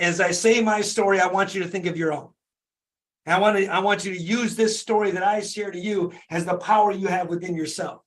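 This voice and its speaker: Hoarse, high-voiced motivational man. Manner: fervent, repetitive, preaching, casual slang. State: hoarse from laryngitis. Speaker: podcast host, dentist and business owner. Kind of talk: motivational talk. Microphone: speaking to an online call audience.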